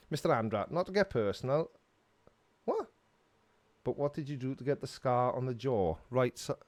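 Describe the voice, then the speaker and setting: A middle-aged man with a Welsh accent hosts a casual live-stream Q&A, reading viewer comments aloud and answering them in a chatty, self-mocking way. His voice sits at an ordinary middle pitch. The sound is dry and close, with no room echo. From Wales.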